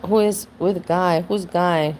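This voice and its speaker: A woman's voice: fairly low pitch, fairly even intonation, slow, a little mellow, a little hiss or hum. A woman hosting a reaction channel, musing and rambling in casual commentary. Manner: musing, rambling, chuckles at her own jokes.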